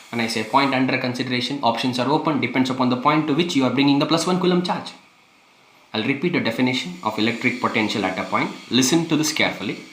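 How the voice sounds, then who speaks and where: Emphatic physics teacher, echoey. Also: male voice, medium pitch, sharp tone. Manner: repetitive, emphatic, asks rhetorical questions. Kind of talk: classroom lecture.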